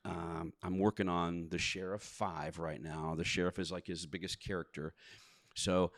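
Male audiobook narrator, lowish voice, lively chatty storyteller. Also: normal speed. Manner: animated, laughing, slips into put-on voices. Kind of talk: casual chat, storytelling.

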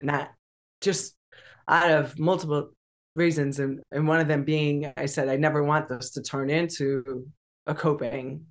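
An interview guest speaking candidly over a video call, halting and restarting often with frequent nervous laughter. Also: medium pitch, fairly even intonation.

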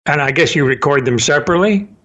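A man's voice: fairly high pitch, expressive, fast talker, fairly bright tone. A man hosting a podcast interview, chatty, repeating himself and interjecting often. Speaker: podcast host. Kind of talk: casual interview talk.

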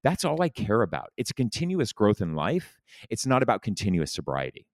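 Deep-voiced emphatic man, dry sound. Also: a little fast, dry recording. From lived in New York City. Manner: animated, emphatic, swears freely. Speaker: guest in recovery, news anchor. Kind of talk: candid conversational storytelling.

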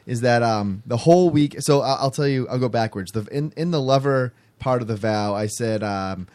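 A man's voice: mid-range voice, normal speed, darkish tone. A man casually telling a rambling, self-amused story on a podcast, restarting his phrases as he goes.

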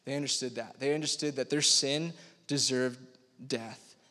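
A young man preaching a casual youth sermon as a youth pastor, energetic and slangy, telling the story with lively animation. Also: medium pitch, normal speed. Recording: long reverb of a large hall.

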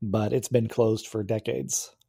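A man narrating as game master of a tabletop role-playing game, describing scenes in a relaxed way with frequent filler words. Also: fairly low pitch, measured pace, gravelly, husky.

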